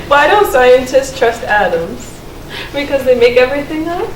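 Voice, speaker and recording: A woman's voice: sits high, animated, normal speed. Giggly young woman telling one-liners. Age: young adult. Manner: giggles through her own punchlines. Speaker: student comic and emcee. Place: student comedy night room. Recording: echoey room, mic far off, noisy.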